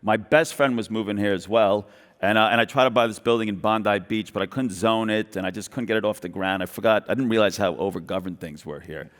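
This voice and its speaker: A middle-aged man with a Brooklyn New York accent, telling his business story on a conference stage in an animated way, acting out other people's lines and restarting his sentences quickly. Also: on the low side. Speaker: guest entrepreneur. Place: large event hall stage. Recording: reverberant conference hall.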